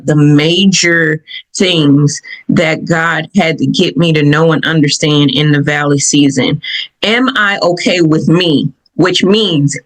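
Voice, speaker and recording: A woman from Michigan with a Southern accent, hosting a podcast and telling personal stories in an animated way, laughing often. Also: sits low, poor audio. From Michigan, USA. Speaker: podcast host. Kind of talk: personal reflective talk.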